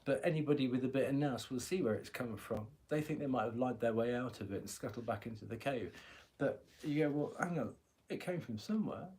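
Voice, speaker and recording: Fast and mellow, with hardly any pauses, a man with a mid-range voice reads tarot on a live stream through his phone. Joking and chatty, he laughs frequently and swears offhandedly.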